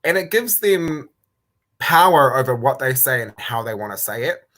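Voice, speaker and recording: A man's voice: medium pitch, moderate pace. Young kiwi guy on a video call, telling youth work stories with lots of feeling. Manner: animated storyteller who acts out quotes. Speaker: guest, youth worker. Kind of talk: casual chat. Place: indoors, a room.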